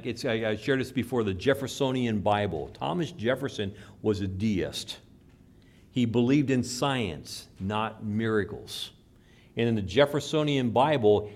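A man preaching a sermon as pastor, swinging between loud emphatic lines and low, quiet asides.

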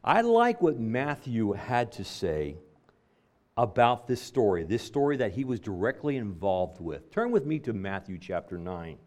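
A man's voice: lowish voice, sing-song, a little slow, a little mellow. A man preaching a sermon, driving points home by repeating phrases. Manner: emphatic preaching with stacked repetitions.

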